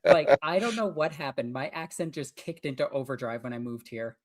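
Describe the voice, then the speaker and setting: A woman's voice: a bass voice, animated, brisk, darkish tone. Co-host, woman, Queens-born, New York accent, casual and explanatory. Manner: explains lore plainly, acts out orc lines. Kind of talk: casual livestream chat.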